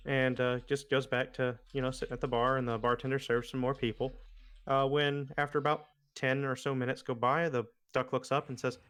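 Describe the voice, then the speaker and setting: A man chats casually while playing an online game with a friend. He tells jokes in a rambling way, full of pauses and fillers, at an ordinary middle pitch. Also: level tone, fairly bright tone. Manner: rambling joke-teller with many fillers. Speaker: streamer. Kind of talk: casual gaming chat.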